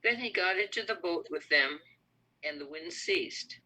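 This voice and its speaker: Woman in a bible study reading a verse, really bright clear-toned voice. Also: on the low side, animated, a little slow, rough recording. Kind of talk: reading scripture aloud.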